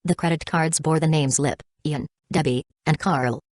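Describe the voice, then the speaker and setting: A woman narrating an audiobook in a steady, even reading. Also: deep voice, normal speed, no echo, studio quality. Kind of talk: scripted narration.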